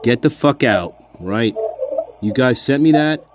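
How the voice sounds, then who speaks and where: A man's voice: mid-range voice, lively intonation, unhurried, heavy background noise. A man talking to his viewers in a casual monologue, speculating intensely, repeating himself and swearing often. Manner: intense, repetitive, profane speculation. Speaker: online commentator.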